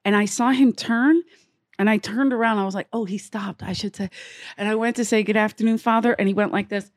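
A woman's voice: a little high, fairly even intonation, quick pace, no echo, clean studio sound. A woman hosting a podcast, telling crude, joking stories in casual chat and laughing often. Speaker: podcast host.

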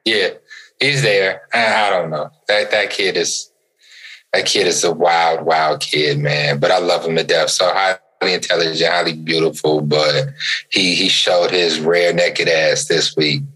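Animated, bright-voiced male podcast co-host. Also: a little slow, poor audio. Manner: animated storyteller, acts out quotes with big pitch jumps. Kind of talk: casual chat, storytelling.

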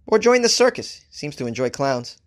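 A man hosting a comedy talk show, telling a story casually, cracking jokes and laughing at his own lines. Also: normal speed. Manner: wisecracking, laughs at his own jokes, animated shifts in pitch. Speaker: comedian podcast host.

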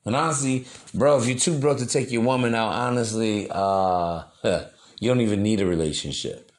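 A podcast host with a lowish voice talks at a moderate pace. He delivers a loose, slangy, preachy monologue in a casual style.

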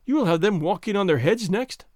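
A man's voice: animated, a little fast, darkish tone, no echo, studio quality. A man reading aloud and voicing a fussy, timid schoolmaster who speaks in a fretful, pleading way. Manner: fretful, pleading, higher pitch. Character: fussy, timid male schoolmaster, anxious and prim.

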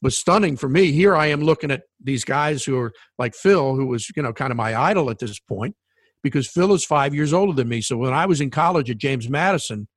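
A middle-aged man who works as a sports broadcaster and used to referee, telling a story in casual conversation with animated enthusiasm and frequent restarts. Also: medium pitch, no echo.

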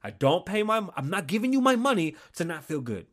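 Loud profane man in his thirties ranting. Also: big pitch swings, brisk. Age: 30s. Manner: loud, profane, swings from heated yelling to low grumbling. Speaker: show host. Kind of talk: profane comedic rant.

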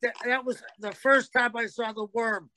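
A man in casual chat, telling quick, blunt wrestling anecdotes. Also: extremely high pitch, steady tone, very noisy.

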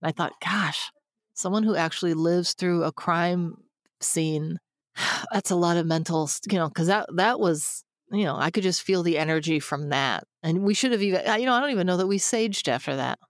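A woman co-hosting a podcast, chatting casually and telling stories, lively when she quotes people. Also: fairly low pitch, a little fast, no room sound, studio quality. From Los Angeles area. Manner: chatty storyteller, animated when quoting people. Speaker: podcast co-host. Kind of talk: casual chat.

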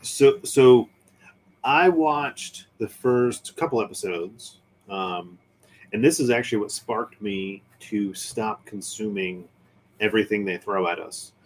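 A man with a lowish voice hosts a podcast, speaking slowly in casual chat. He's opinionated and rants about nerd movies and shows.

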